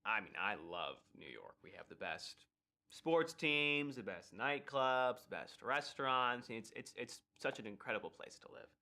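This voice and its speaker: An actor playing an eager, slightly flustered young groom in a video game. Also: male voice, mid-range voice, sing-song, normal speed, bright, forceful tone. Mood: boastful. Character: eager young groom Todd from the big city.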